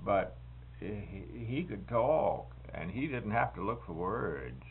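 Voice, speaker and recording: An older man in casual conversation, musing slowly as he reminisces, with restarts, on a tinny lo-fi recording. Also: lowish voice, sing-song. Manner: slow, musing storyteller with restarts. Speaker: conversation participant. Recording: tinny phone-like lo-fi recording with faint hiss.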